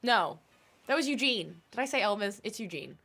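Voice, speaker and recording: A woman's voice: medium pitch, lively intonation, moderate pace, vocal fry, sharp tone, slight background noise. A young woman streaming a game, chatting casually and answering her chat, with a stuffy nose. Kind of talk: casual chat while gaming.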